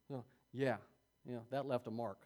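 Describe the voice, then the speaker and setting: A man's voice: mid-range voice, fairly even intonation, measured pace, a little mellow. A man preaching a sermon, reading scripture aloud and adding folksy, chuckling asides to his congregation.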